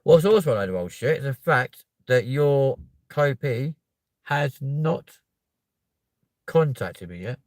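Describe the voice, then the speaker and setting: A man's voice: mid-range voice, animated, slow, pauses often, a little mellow, no echo. A man with a South West London accent chatting casually to viewers on a stream, rambling and cheeky, with plenty of swearing. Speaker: live streamer.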